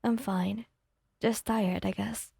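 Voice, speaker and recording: A woman's voice: mid-range voice, fairly even intonation, takes it slowly, gravelly, warm tone, husky, no room sound, clean studio sound, full character voice. A woman voicing a hurting young lover in an ASMR fanfic reading, speaking hesitantly and apologetically with a strained voice. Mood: evasive.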